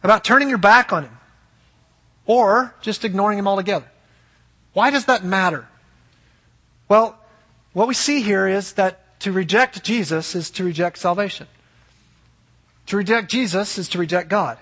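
A man preaching with a high, bright, slightly husky voice, earnest and emphatic. His sermon rings out in a large hall with a long reverb trailing each phrase. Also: normal speed, pauses often. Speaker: pastor.

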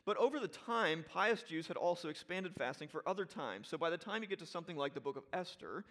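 A middle-aged man delivers a Sunday sermon in a fairly high voice. He talks to the congregation conversationally and often tosses in "all right?" to bring them along. He repeats and restarts phrases as he builds toward a point. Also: lively intonation, fast talker, fairly bright tone. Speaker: pastor.

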